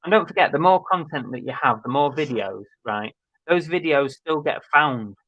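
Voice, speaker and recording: A man's voice: fairly high pitch, expressive, normal speed, no room sound. A man co-hosting a live chat show, reading out viewer comments in a chatty, laid-back way with plenty of fillers. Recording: dry, slightly dull stream audio.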